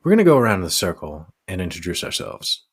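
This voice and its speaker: A man's voice: low-pitched, big pitch swings, fast, breathy edge, full character voice. A man voicing a grinning hunter with a chipper, slightly formal manner. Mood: cheerful.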